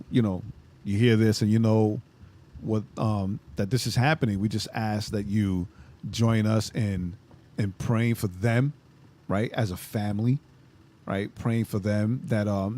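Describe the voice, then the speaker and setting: An earnest man co-hosts a casual faith podcast in a fairly low voice. He keeps checking in with "right?" as he makes his points. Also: dark tone. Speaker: podcast co-host.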